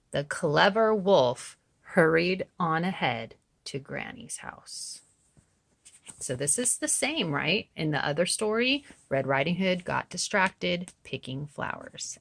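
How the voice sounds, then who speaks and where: Woman teacher reading to kids, slow and animated, with a gravelly edge to her voice. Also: sits low. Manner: gentle, encouraging teacher talk. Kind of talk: reading aloud to children, with vocabulary lessons.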